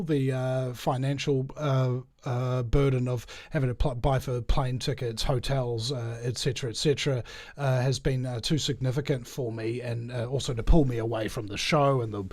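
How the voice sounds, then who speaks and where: A man's voice: mid-range voice, a little mellow, dry recording. Casual NZ guy hosting, rambles with lots of uhs, dead dry sound. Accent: New Zealand. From New Zealand. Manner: rambling, lots of uh fillers and restarts. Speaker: show host. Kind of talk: casual chat.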